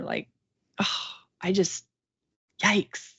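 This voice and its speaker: Chatty woman, low voice, dull audio. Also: normal speed. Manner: chatty, effusive, many restarts. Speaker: patient guest. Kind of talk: casual podcast conversation.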